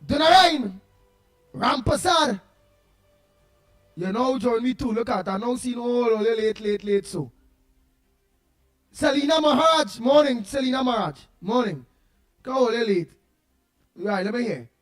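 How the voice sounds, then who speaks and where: A Trinidadian man hosting a casual morning talk show, telling jokes in an animated way and greeting listeners by name. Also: very high-pitched, unhurried, long pauses. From Trinidad and Tobago. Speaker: radio show host.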